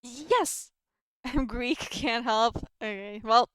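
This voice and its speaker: Slow, hesitant woman streaming a game. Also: on the high side, fairly bright tone, slight background noise. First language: Estonian or Russian. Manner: hesitant, self-deprecating, stumbling over words. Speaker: streamer playing a visual novel. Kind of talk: game playthrough, reading dialogue aloud.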